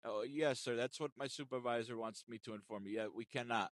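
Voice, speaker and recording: A man's voice: medium pitch, a little fast, dry recording, studio quality, pitched below the performer's own voice, close to an everyday voice. A man voicing a nervous male call-center representative who answers in a hesitant, apologetic way. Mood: meek.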